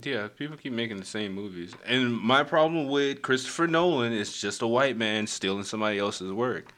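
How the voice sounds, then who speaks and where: Blunt, opinionated male podcast host; bright mid-pitched voice, casual profanity. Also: lively intonation, moderate pace. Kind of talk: casual chat.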